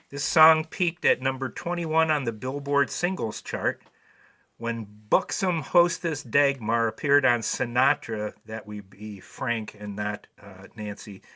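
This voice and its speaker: A podcast host in his seventies reads from prepared notes in casual commentary, dropping dry, wry asides. His medium-pitched voice is bright and forceful.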